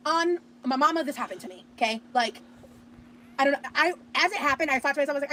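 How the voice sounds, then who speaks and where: High voiced woman rattling off a story, chatty, lots of likes. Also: racing, a little hiss or hum. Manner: chatty, animated, self-aware with fillers. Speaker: streamer telling a story. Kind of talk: casual storytelling.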